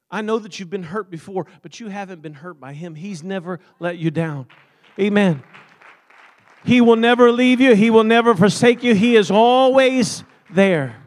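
A male pastor preaching a fervent sermon, punctuating his lines with amens and swinging from shouts down to hushed, pleading passages. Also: high voice.

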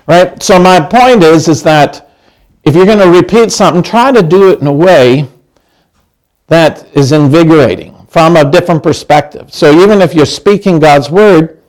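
A man's voice: fairly high pitch, moderate pace, a little mellow, low-quality recording. Chatty male pastor asking the pews. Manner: chatty, asks the congregation questions, many restarts. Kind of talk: conversational sermon.

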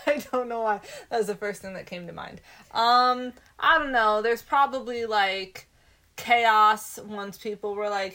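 A woman's voice: fairly high pitch, measured pace, bright, forceful tone. A woman co-hosting a laid-back movie podcast. She tells stories in a playful, rambling way and drifts from point to point. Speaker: podcast co-host. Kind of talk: casual movie podcast chat.

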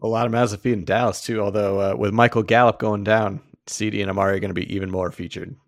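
A man's voice: fairly low pitch, flat delivery, quick pace, dry recording, studio quality. A man co-hosting a casual sports podcast, laid-back and playful, laughing often. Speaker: podcast co-host.

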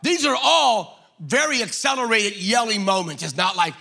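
A man preaching a sermon, acting out the scripture voices and shouting for emphasis. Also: sits high, moderate pace, vocal fry, hardly any pauses. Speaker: pastor.

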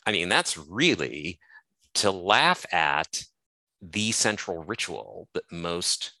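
A man's voice: sits low, sing-song, takes it slowly, sharp tone, no echo. A male scholar explaining ideas from his book in a thoughtful, hedging way, with many fillers and restarts. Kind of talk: conversational explanation.

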